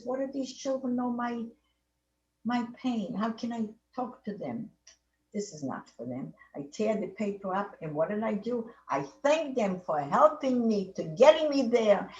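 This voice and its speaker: A medium-pitched woman in her eighties, interviewed as a Holocaust survivor, relates her life story in accented English. She drifts, repeats herself and keeps restarting sentences, captured on dull, echoey, distant audio.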